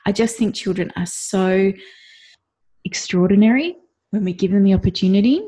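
Husky-voiced woman telling a story. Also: medium pitch, moderate pace, mellow. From Australia. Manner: reflective storytelling, laughs often. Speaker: podcast co-host. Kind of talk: casual chat.

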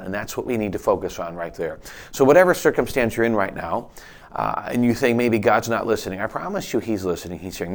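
A middle-aged pastor speaks his sermon in a folksy, conversational way. He stumbles and restarts as he thinks aloud, with friendly asides to his listeners. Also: medium pitch.

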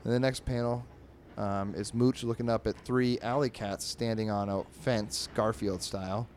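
A man's voice: lowish voice, fairly even intonation, normal speed, a little mellow, slight background noise. A man hosting a podcast, casually reading and describing newspaper comics aloud in a rambling, amused way. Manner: rambling, amused, lots of fillers. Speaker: podcast host.

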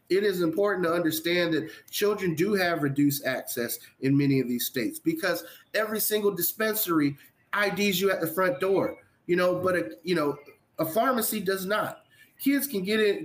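A man hosting a casual podcast who talks earnestly and repeats words when he stumbles. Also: on the high side. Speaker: podcast host.

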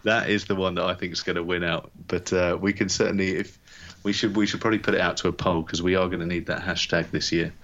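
A man from England co-hosting a sports podcast, chatting in a relaxed, rambling way with lots of fillers. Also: sits low, fast, hardly any pauses, lo-fi sound. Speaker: podcast co-host. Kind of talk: casual chat.

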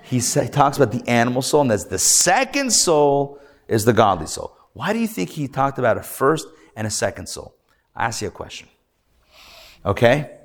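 A rabbi teaching a live class, telling stories in a lively, animated way with playful asides. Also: male voice, medium pitch, moderate pace.

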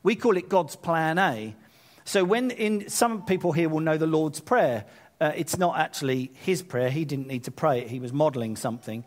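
A man preaching a sermon, retelling scripture in a lively paraphrase with casual asides. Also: a little high, normal speed. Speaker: pastor.

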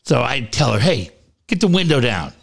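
A man's voice: mid-range voice, very animated, normal speed, vocal fry. A middle-aged man telling a story in casual chat, jumping into the voices of the people he quotes.

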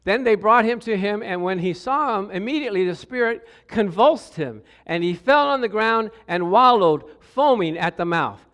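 A man with a fairly high voice delivers a lively sermon. He talks straight to the congregation and acts out quoted voices with playful humor. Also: moderate pace. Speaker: preacher.

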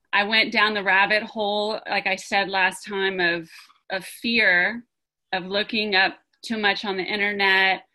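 A woman sharing a personal experience with a group, halting and searching for words as she talks. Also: medium pitch, pushed and bright, low-quality recording. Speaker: practice community member sharing.

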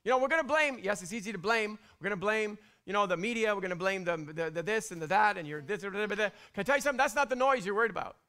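Bright, animated middle-aged male preacher. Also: high-pitched, quick pace, hardly any pauses. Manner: animated, swings from loud to hushed whispers. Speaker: pastor. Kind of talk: sermon.

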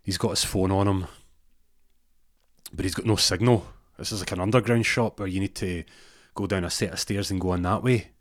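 A man tells a rambling comic story, full of restarts and side remarks. His voice is very deep. The recording is close and dry. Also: steady tone, fairly quick, no room sound.

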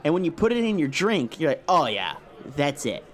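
A man chats casually on a podcast, swearing freely as he acts out his own reactions. His voice sits a bit high and his intonation swings widely. He sounds like a natural storyteller among friends. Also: sing-song, fairly quick. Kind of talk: casual chat.

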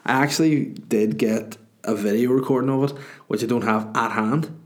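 A man's voice: lowish voice, steady tone, fairly quick. A man hosting a podcast, answering listener questions in a rambling, crude, self-mocking way. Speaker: podcast host and comedian. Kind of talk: casual chat.

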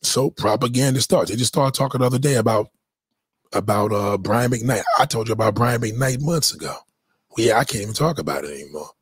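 A man's voice: mid-range voice, animated, fairly quick, slightly rough. A man hosting a casual livestream monologue, talking in an emphatic, preachy way with lots of swearing.

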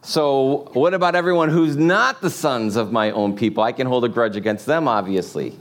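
A man's voice: medium pitch, lively intonation, normal speed. A man preaching a sermon in a casual, joking way, asking the congregation lots of rhetorical questions. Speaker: pastor.

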